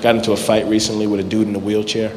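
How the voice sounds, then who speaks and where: A man's voice: fairly low pitch, flat delivery, racing, heavy background noise. A man performing a stand-up set in a comedy club, telling absurd stories in a laid-back way and acting out both sides of the dialogue. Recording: live venue with long reverb.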